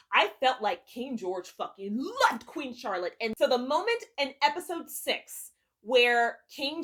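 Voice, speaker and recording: A woman vlogger talks straight to camera in a casual review, candid and emphatic, cursing without a second thought. Her voice sits a little high and rings bright and forceful. She leans hard on her words. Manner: candid, swears freely, emphatic.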